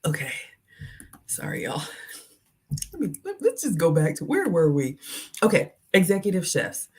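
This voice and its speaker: A chatty woman in her forties hosts a casual livestream, reading out viewer comments and laughing at herself between thoughts. Her speaking voice sits low for a woman. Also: huge pitch swings, normal speed, a little mellow, husky. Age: 40s. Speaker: livestream host reviewing a restaurant.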